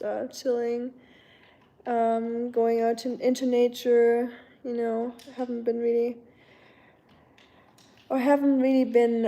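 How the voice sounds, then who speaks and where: A young woman hosting a relaxed live stream from her home. Her voice sits a little high but stays flat and mellow. She talks in a loose, rambling way, full of fillers and quick self-corrections. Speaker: livestream host. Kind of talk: casual live-stream chat.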